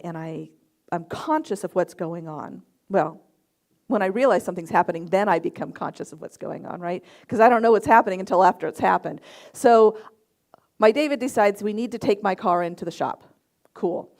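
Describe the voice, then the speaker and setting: A woman's voice: medium pitch, darkish tone. A middle-aged woman minister giving a sermon with personal stories, acting out her own reactions as she tells them. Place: church service.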